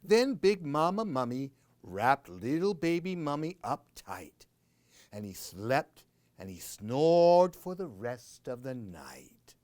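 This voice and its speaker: A man reading a children's picture book aloud as a library storyteller, playing with sound words and dropping into hushed whispers. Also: medium pitch, very animated, slow, no room sound.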